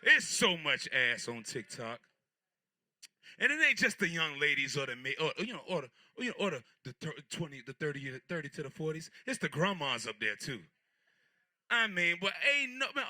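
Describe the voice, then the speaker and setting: Lively, bright-voiced man doing stand-up. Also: a little high, normal speed, dry recording, clean studio sound. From Portsmouth, Virginia. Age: 30s. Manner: loose, rambling storytelling with crude jokes. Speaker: stand-up comedian. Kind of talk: stand-up set.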